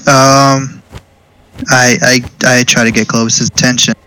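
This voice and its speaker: A man's voice: mid-range voice, flat delivery, a little slow, bright, forceful tone, a little hiss or hum, poor audio. A man playing his character in a tabletop game, hesitant and stammering. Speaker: player.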